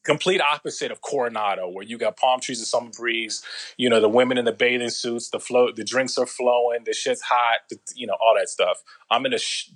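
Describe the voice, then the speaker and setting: A man telling a long story in a casual interview, slangy and profane, with loose rambling restarts and quick impressions of other people. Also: mid-range voice, a bit bright. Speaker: guest.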